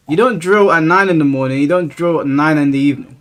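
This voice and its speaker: A young man holds a loose, profanity-laced rant on his stream. His voice sits a little higher than usual for a man, and soft music plays faintly underneath. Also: fast talker. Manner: ranting, profane, exasperated. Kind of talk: casual live-stream chat.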